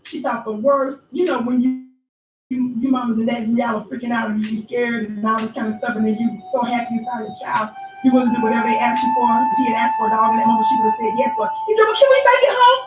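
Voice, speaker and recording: A woman's voice: fairly high pitch, level tone, quick pace, distant mic. A woman vlogger telling a mocking story in an emphatic, preacher-like way, recorded in an echoey room away from the mic with faint music. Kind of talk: storytelling commentary.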